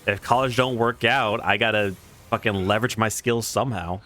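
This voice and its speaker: A man's voice: fairly low pitch, normal speed, soft background music. A young man with a Southern US accent, casually joking and swearing through live gameplay commentary. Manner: joking, swearing, bursts of excited laughter. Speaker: streamer.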